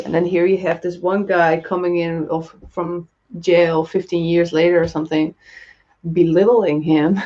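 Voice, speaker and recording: A co-host chatting about a film who laughs often and strings thoughts together with fillers. The voice sits at an ordinary pitch. The audio is dull and lo-fi. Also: darkish tone. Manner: laughs often, filler-heavy, trailing phrases. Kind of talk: casual movie chat.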